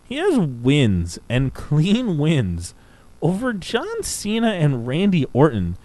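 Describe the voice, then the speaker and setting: Animated man in casual podcast chat. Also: takes it slowly, no room sound, rough recording. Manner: animated, swearing, pitch jumping up when excited. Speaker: podcast co-host.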